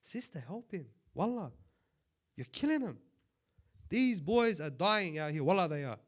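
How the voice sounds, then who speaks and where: A man who is a sheikh giving a conversational sermon, swinging between loud impassioned appeals and quiet asides. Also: high-pitched, very animated, unhurried. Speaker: sheikh giving a religious talk.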